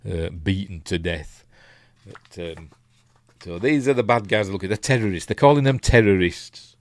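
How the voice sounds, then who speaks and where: Sitting low in pitch, he sounds animated and keeps a moderate pace, with no echo on the recording. He's a Yorkshire film reviewer hosting a relaxed live watch-along, rambling hesitantly through ums and restarts and chuckling at his own side comments.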